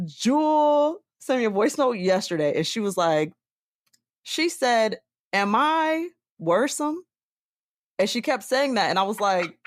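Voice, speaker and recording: Woman, podcast host, lively swooping pitch, dry close sound, laughs a lot. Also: no room sound. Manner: animated, laughs often while telling stories. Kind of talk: casual chat.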